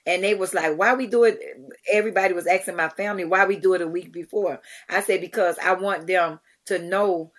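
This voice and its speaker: A middle-aged woman, an interview guest telling stories in a lively way, acting out the lines of people she quotes. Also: lowish voice, a little fast. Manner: animated, acts out quotes, many restarts. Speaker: guest, charity founder. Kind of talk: conversational storytelling.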